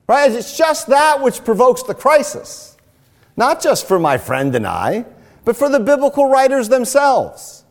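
Older male pastor preaching with a lively voice. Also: very high-pitched, long reverb tail. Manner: emphatic, deliberate, repeats key phrases. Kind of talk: sermon.

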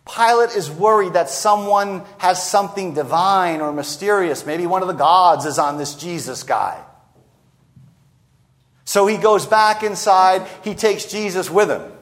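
A man preaching an expository sermon, slowing down and acting out quoted lines for emphasis. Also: high-pitched, lively intonation, a bit bright.

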